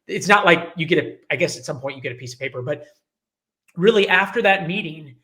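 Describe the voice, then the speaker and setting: A man's voice: a little high, animated, a little fast, pushed and bright. A man in his forties, a journalist guest telling his life story in an interview, acting out the people he quotes. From United States. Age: 40s.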